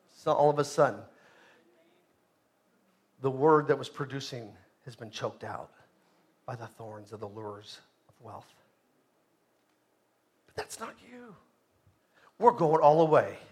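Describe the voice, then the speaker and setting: With a fairly high pitch, a man preaches as pastor, putting emphasis on his words. He shifts from loud bursts to gentle asides and directs questions at the congregation.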